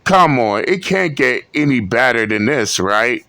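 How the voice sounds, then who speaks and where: A man's voice: medium pitch, lively intonation, unhurried, bright, forceful tone, dry recording. A man giving blunt, profane, scornful reaction commentary. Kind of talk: mocking commentary.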